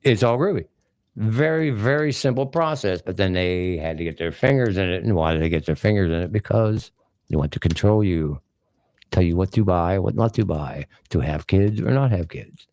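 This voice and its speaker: A man's voice: deep voice, expressive, normal speed, a little mellow, dry recording. Blunt, rambling talk radio man. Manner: rambling, folksy, blunt and opinionated. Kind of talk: political talk radio monologue. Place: small radio studio. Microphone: studio microphone.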